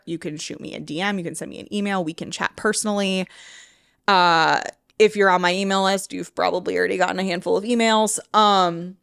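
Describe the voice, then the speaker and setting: A woman's voice: lowish voice, a bit bright, smooth, dry recording, clean studio sound. A woman, hosting her own podcast in a casual, heartfelt way, often laughing and swearing when she gets passionate. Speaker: podcast host and mindset coach. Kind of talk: casual solo podcast talk.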